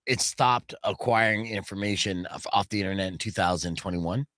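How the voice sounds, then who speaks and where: A man's voice: fairly low pitch, brisk, dry recording, clean studio sound. A man hosting a casual talk radio show, joking around and laughing often. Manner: jokey, animated, laughs often. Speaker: radio and podcast host.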